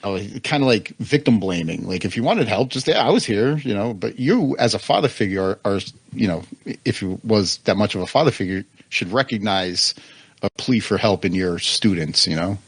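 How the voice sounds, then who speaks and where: A man's voice: on the low side, lively intonation, moderate pace, husky, no echo. A man co-hosting a podcast, chatting and analysing a film casually. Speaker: podcast co-host.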